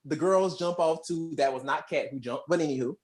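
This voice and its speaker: A podcast co-host recapping a movie in a lively, slangy, storytelling way. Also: mid-range voice, fairly quick. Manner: animated, slangy storytelling with acted-out quotes. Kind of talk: casual movie review chat.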